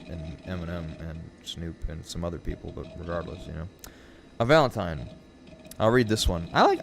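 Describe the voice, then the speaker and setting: A man streaming, who reads poetry aloud with dramatic delivery and chats loosely with his viewers. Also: low voice. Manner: theatrical when reciting poems, loose and chatty otherwise. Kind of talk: casual stream chat and poetry reading.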